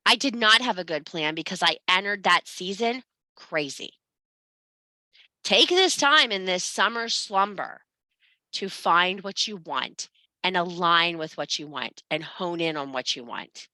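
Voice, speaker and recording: A woman's voice: on the low side, expressive, a little slow, sharp tone, no room sound. A woman teaching a spiritual class, blunt and profane, scolding and urging her students. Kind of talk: blunt motivational class talk.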